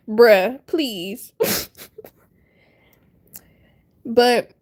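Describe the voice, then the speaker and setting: A young woman livestreaming, telling a funny story to her chat in a casual, animated way, laughing often and acting out her panic. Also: fairly high pitch, a little slow, pauses often. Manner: animated, laughing, dramatic retelling.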